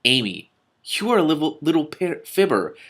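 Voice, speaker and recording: A teasing young man of all work speaks in a dry, steady way, as a man reads his lines in a voice close to his own. It is plain storybook reading. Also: a little high, fast talker, voice pushed up.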